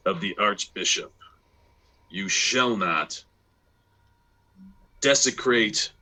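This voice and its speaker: Stern formal temple guard, man doing it, lowish bright voice, slow and commanding. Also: husky, full character voice, low-quality recording.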